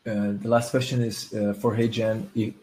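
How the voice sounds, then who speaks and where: A man hosting a live webinar, talking casually and haltingly with many restarts while he demonstrates software on screen. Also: on the low side, flat delivery, a little hiss or hum. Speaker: webinar host.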